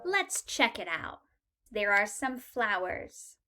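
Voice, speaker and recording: A woman's voice: mid-range voice, big pitch swings, slow, background noise. A woman teaching a beginner English lesson, modelling short sentences patiently and stressing key words. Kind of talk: slow, clear language lesson.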